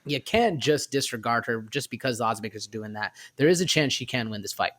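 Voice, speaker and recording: A man's voice: medium pitch, expressive, a little fast, a bit bright. A man co-hosting a sports podcast, chatting casually about an upcoming fight and sometimes fumbling over his words. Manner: casual, stumbles over words now and then. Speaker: podcast co-host.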